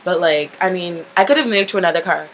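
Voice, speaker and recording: A woman's voice: fairly low pitch, quick pace, slight background noise, poor audio. Chatty young woman rambling through a story. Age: young adult. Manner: chatty, rambling, heavy use of "like", candid swearing. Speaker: vlogger. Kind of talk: casual storytelling.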